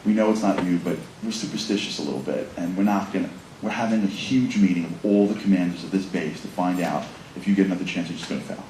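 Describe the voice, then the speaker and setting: Man putting on a blunt army commander, low, quiet, firm clipped orders, roomy hall echo. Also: fast talker, slight background noise, lightly acted. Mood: grave. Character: stern male army commander, blunt and final. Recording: echoey hall.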